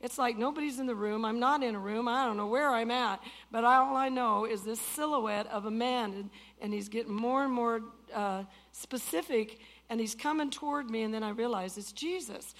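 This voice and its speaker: A woman in her sixties preaching a testimony, swinging from loud outbursts to hushed tones. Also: a little high, normal speed, hardly any pauses. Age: 60s. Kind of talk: sermon testimony.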